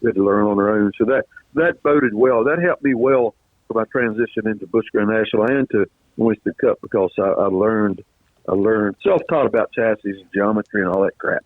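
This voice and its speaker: A man, a retired racer talking as an interview guest, rambling, repeating words and clearing a throat that is choked up with a cough. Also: fairly low pitch, a little fast, no echo. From Virginia. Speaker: guest, retired race car driver. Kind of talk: casual interview storytelling. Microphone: phone call. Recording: tinny dry phone line.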